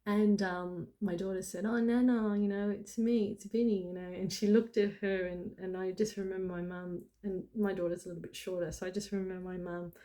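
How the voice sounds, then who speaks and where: A woman's voice: lowish voice, little pitch movement, brisk, few pauses, mellow. A middle-aged woman telling a personal story in a casual, chatty way, full of "like" and "you know". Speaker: spiritual channel host.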